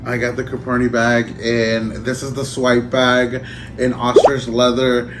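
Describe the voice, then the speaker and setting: A man in a casual unboxing vlog who talks in an emotional, halting way, choking up and trailing off. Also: mid-range voice, completely flat delivery. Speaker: vlogger. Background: music.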